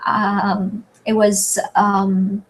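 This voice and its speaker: A woman's voice: medium pitch, little pitch movement, extremely slow, low-quality recording. Hesitant French-accented woman tutor. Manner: hesitant, searching for words with many fillers. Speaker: French tutor hosting a webinar. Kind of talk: live online Q&A lesson. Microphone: computer mic on a video call.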